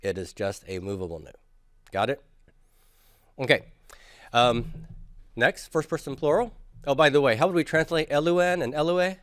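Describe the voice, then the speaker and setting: A man's voice: mid-range voice, animated, normal speed, pauses often, fairly bright tone, dry recording, clean studio sound. A man teaching a classroom grammar lecture, patiently drilling students through forms and asking them to repeat after him. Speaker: Greek teacher.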